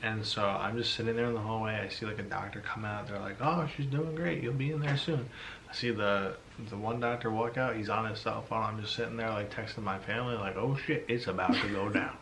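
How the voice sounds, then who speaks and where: A young man at home casually telling his side of a birth story, animated and acting out what others said. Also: fairly low pitch, quick pace, few pauses, a little hiss or hum. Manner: animated, acts out quotes, says like a lot. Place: home at night.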